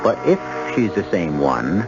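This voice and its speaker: A wry, dramatic radio drama host with a deep, lively voice. Music plays behind him in a muffled, lo-fi vintage broadcast. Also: male voice, a little slow. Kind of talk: 1970s radio drama hosting. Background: music score.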